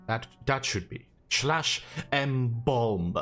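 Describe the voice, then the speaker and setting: A man's voice: mid-range voice, lively intonation, a little slow, fairly bright tone, soft background music. A young man with a Finnish accent chatting casually on a game stream, self-deprecating and talkative. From Finland. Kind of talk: casual gaming stream chat.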